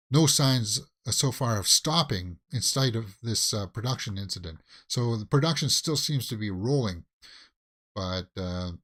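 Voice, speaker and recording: A man's voice: fairly low pitch, fairly bright tone. A man hosting a casual live movie news stream, talking loosely with many fillers and restarts and breaking into exclamations. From Canada. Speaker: host of a movie news channel.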